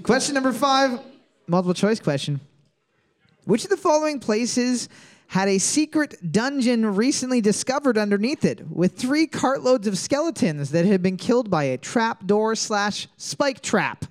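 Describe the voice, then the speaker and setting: Animated woman hosting trivia, teasing. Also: fairly high pitch, normal speed. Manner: reads questions twice, teasing and crude banter. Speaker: trivia host. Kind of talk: casual trivia night hosting.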